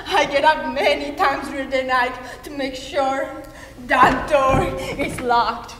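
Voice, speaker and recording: A teenage girl performing a solo dramatic monologue with intense, halting, emotional delivery, in an echoey hall. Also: high voice, steady tone, fairly bright tone, slight background noise. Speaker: student performer. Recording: echoey hall, faint ambience.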